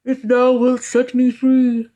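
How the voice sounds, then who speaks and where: A woman doing a booming bottled giant spirit. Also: completely flat delivery, takes it slowly, mellow. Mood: coaxing. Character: bottled spirit swelling to giant size, male. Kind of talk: storybook reading.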